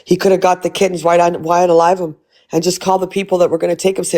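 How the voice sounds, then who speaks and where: A woman's voice: on the low side, level tone, very fast, darkish tone. A woman hosting a casual livestream, blunt and swearing freely as she asks rhetorical questions. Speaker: livestream host.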